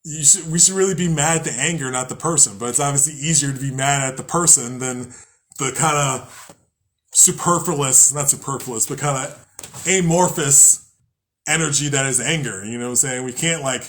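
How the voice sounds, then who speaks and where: Spirituality is the loose, casual topic for this young podcast host, who speaks at a moderate pace in a medium-pitched, fairly bright voice. He's profane and rambling, laughs at himself, and sometimes imitates angry voices.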